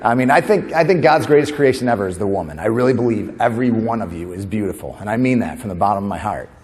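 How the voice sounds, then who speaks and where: A man from New York doing a stand-up comedy keynote at a conference, animated, tossing in quick asides and laughing at his own jokes. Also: lowish voice. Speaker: comedian and motivational speaker. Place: conference hall stage. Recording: long hall reverb.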